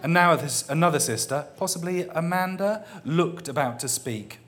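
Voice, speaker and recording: A man's voice: fairly high pitch, moderate pace, fairly bright tone. A man reading a comic novel aloud, amused and often laughing as he reads. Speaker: reader.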